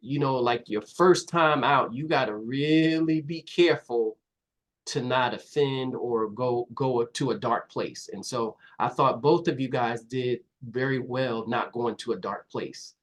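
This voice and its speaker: A man who is a talent manager, giving feedback and instructions in a relaxed way, with lots of fillers. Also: medium pitch, a little slow. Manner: relaxed, uses fillers like "you know".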